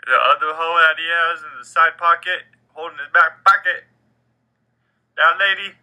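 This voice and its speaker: A young man ranting casually as a podcast host, profane and animated, swinging from loud outbursts to muttered asides. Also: on the high side, moderate pace, rough recording. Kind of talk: casual rant.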